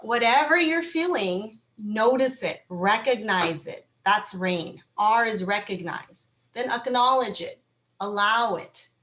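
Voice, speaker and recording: A woman's voice: medium pitch, slow pace. Encouraging woman giving a wellness talk. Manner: encouraging, conversational, animated when acting out feelings. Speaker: mental health speaker. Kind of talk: online panel talk.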